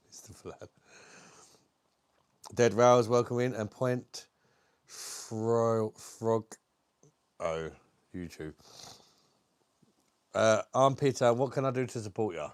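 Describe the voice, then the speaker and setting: A man's voice: medium pitch, slow pace, long pauses, smooth, dry recording, clean studio sound. A British man hosting a casual live beer stream, chatty and greeting viewers by name, swearing casually and with a lingering cough. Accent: British English. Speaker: livestream host reviewing beer.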